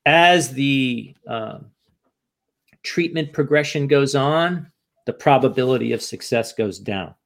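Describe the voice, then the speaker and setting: Gravelly man speaking frankly in an interview. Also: mid-range voice, lively intonation, takes it slowly. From United States. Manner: frank and emotional, swears, restarts often. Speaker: podcast guest and author. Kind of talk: candid interview conversation.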